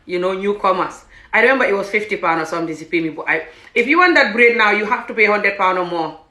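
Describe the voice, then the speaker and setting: Animated Gambian woman in an echoey room. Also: mid-range voice, quick pace. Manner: animated, acts out quoted speech, frequent "what the hell". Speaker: vlogger telling her story. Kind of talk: casual personal storytelling.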